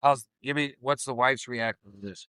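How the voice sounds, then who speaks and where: Man running a recovery workshop, lively and repetitive, mid-pitched voice, dry sound. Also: moderate pace, clean tone, dry recording. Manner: animated, repetitive, laughing often. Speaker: speaker leading a recovery workshop. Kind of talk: live workshop talk.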